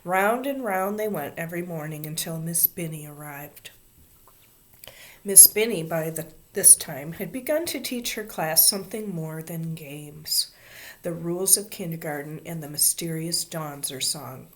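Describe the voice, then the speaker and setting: A woman reading a children's book aloud with expressive, animated storytelling. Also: deep voice, a little slow. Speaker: reader.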